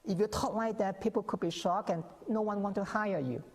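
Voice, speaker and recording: A man's voice: high voice, fairly quick. Earnest guy explaining stuff on a tv show, lots of restarts, reverby studio sound. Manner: earnest, repetitive, frequent restarts and stammered words. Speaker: interview guest, author. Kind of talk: TV interview, explaining at length.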